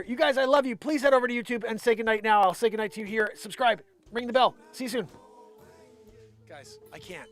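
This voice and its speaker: A man hosting a live stream, chatting and ranting in an excitable, profane way. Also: very high-pitched, brisk. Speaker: live show host. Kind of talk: live stream chat and rant. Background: faint background music.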